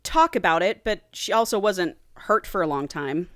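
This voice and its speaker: A woman's voice: medium pitch, lively intonation, moderate pace, dry recording, studio quality. A woman co-hosting a podcast, retelling a book's plot in casual chat and acting out the characters' lines with swearing. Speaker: podcast co-host.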